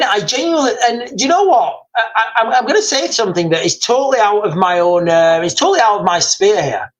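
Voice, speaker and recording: A man's voice: high-pitched, fairly bright tone, poor audio. A man hosting a live stream, talking in a rambling, emphatic way, reading out viewers' comments and calling them guys.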